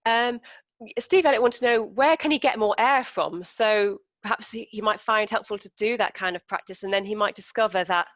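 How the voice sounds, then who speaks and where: A woman's voice: medium pitch, normal speed, fairly bright tone, dry recording, muffled recording. A woman hosting a live question-and-answer interview, reading out viewers' questions with friendly fillers over a video call.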